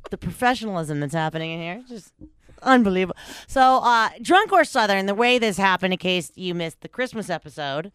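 A lively woman hosts a casual podcast, telling stories and reading news aloud with wry commentary. Her voice is smooth and clear, with dry, close sound, and she swears freely and jumps up and down in pitch. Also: fairly quick, dry recording. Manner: animated, swearing, laughs often, big pitch swings. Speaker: podcast host. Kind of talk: casual chat.

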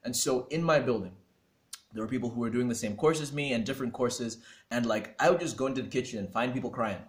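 A young man telling a personal story as a guest in an interview, animated and laughing, acting out quoted dialogue. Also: medium pitch, quick pace.

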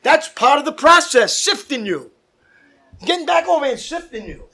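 A man's voice: very high voice, very animated, normal speed, sharp tone. A man preaching a fervent sermon as pastor, calling out to his congregation. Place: church.

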